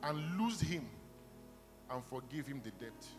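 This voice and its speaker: A man preaching a sermon in a church, retelling a parable and praying aloud, swinging from quiet storytelling to loud bursts of prayer. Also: medium pitch, animated, measured pace. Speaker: pastor. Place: church hall. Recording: reverberant hall with music behind. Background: instrumental music.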